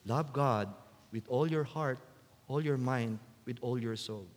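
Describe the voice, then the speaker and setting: A man preaching a sermon as a priest, slow and deliberate, rising to loud emphatic quotes. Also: mid-range voice. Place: church. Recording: long church reverb.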